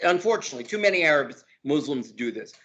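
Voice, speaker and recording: A man's voice: fairly high pitch, sing-song, fast, fairly bright tone, muffled recording. A man, a law professor as interview guest, talking heatedly and hammering points by repeating words. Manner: emphatic, repeats words for force. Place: lives in Brooklyn.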